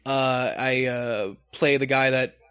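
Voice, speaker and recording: A man co-hosting a podcast in a casual, rambling way, stopping often to search for words. His voice sits at a middle pitch. The recording is dry and close, with no room sound. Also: fairly even intonation, takes it slowly, fairly bright tone, clean tone, dry recording. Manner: rambling, with many uh fillers. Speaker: podcast co-host. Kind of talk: casual chat.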